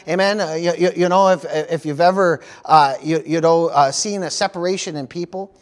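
A man's voice: fairly high pitch, steady tone, normal speed. A middle-aged man from the United States preaching a sermon as pastor, peppering his talk with "praise the Lord" and "amen.".

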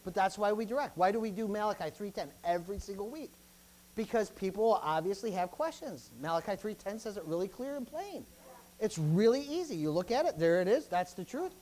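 In a low-quality recording, a man preaches briskly as pastor, lively and emphatic, repeating himself and frequently calling out interjections between points. His delivery swings from loud bursts to low asides.

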